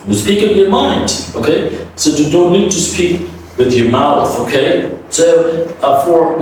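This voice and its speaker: Male pronunciation coach, slow and deliberate, mic far off in a boomy room. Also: darkish tone, very echoey, a little hiss or hum. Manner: drills words aloud, coaxing with frequent "okay?". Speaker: English pronunciation teacher. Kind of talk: classroom pronunciation lesson.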